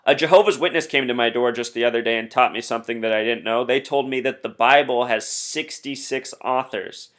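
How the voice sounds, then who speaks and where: A man's voice: mid-range voice, brisk, few pauses, a bit bright. A man hosting a solo commentary video, earnestly explaining number codes and reading out quotes. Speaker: conspiracy video host.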